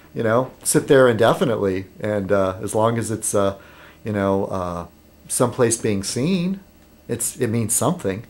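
A man video blogging at home in a rambling casual monologue, halting with fillers and restarts, getting animated when he mimics other people. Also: lowish voice.

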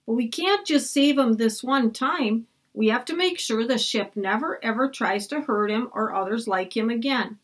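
A woman's voice: fairly high pitch, moderate pace, hardly any pauses, lightly acted. A woman voicing a worried young boy in a storybook. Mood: anxious.

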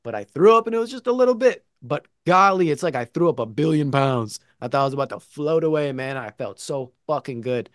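A man tells a personal story in a loose, comic way, swearing freely and swinging between loud bursts and hushed asides. His voice sits at an ordinary middle pitch. The sound is dry and close, with no room echo. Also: fairly quick, hardly any pauses.

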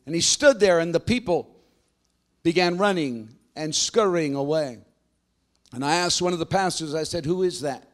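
A man pastor preaching a sermon, telling stories in a dramatic storytelling manner and building to forceful proclamations. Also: a little high, expressive, moderate pace.

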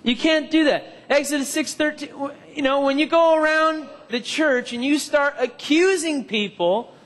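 A man's voice: very high voice, moderate pace, fairly bright tone. A man preaching a sermon in a church hall, mixing personal testimony with scripture and calling for amens from the congregation. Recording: long hall reverb.

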